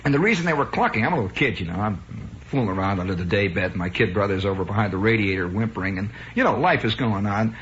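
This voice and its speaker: A bright, lively-voiced man from the Midwest spins a rambling, wry radio monologue, piling on asides and restarts. His voice is fairly high for a man and full of ups and downs. It comes over dull lo-fi radio with a faint hiss. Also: quick pace, hardly any pauses. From American Midwest. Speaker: radio host.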